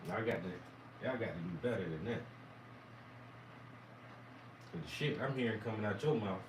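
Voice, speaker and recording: A hoarse man giving crude, mocking reaction commentary in a rambling rant. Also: lowish voice, animated, quick pace, roomy sound, recorded from a distance, noisy background. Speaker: commentator reacting to debate clips.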